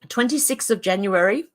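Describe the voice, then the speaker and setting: A middle-aged Australian woman hosting a casual livestream, reading viewer comments aloud in a chatty, opinionated way. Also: medium pitch. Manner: chatty and opinionated, laughs often. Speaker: channel host.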